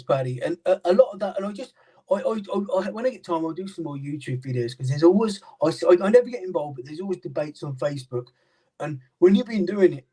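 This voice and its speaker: A man's voice: on the high side, dark tone, breathy edge, far from the mic, low-quality recording. Rambling British man, slightly off-mic. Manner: rambling, many fillers and restarts. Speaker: knife sharpener and maker, guest. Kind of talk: casual chat on a live stream.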